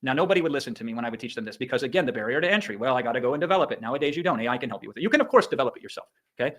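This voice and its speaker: A middle-aged online business coach from Iowa, USA, gives an energetic motivational livestream talk. He's emphatic and punchy, dropping profanity and sound effects, in a mid-range voice at a racing pace.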